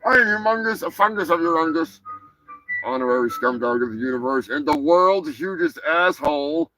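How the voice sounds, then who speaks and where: Brash, profane male comedy news host; high voice, mock-grand delivery. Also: animated, moderate pace, bright, forceful tone, faint music behind, rough recording. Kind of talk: crude comedic news rant.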